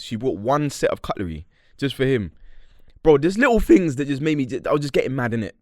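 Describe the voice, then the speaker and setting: Animated young man telling a story. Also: mid-range voice, fast talker, dry recording, studio quality. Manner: animated storyteller, acts out quotes, London slang. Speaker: podcast co-host. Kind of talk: casual banter between friends.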